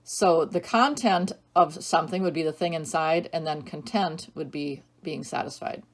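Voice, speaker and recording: A woman teacher giving a recorded spelling lesson, reading each word slowly and clearly, patient and explanatory. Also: low-pitched, steady tone.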